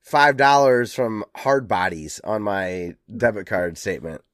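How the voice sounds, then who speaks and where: A man's voice: lowish voice, unhurried, dry recording, clean studio sound. A man hosting a video game podcast in casual chat, rambling with lots of ums and uhs. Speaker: podcast host.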